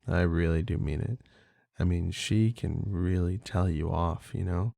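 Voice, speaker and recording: A man's voice: low-pitched, measured pace, creaky, dark tone, dry recording, studio quality. A man hosting a podcast, talking casually and candidly in a rambling way, swearing freely with lots of fillers. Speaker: podcast host. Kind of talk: casual monologue.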